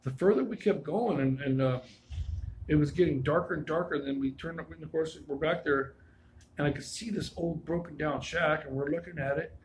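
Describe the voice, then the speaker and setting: A man's voice: fairly high pitch, a little fast, a little hiss or hum, poor audio. A man casually telling a spooky personal story, rambling and full of asides and restarts.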